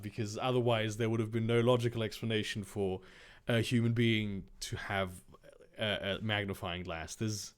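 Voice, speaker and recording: A man's voice: on the low side, clean tone. A man reading fanfiction aloud, breaking off into sarcastic, incredulous, swearing commentary.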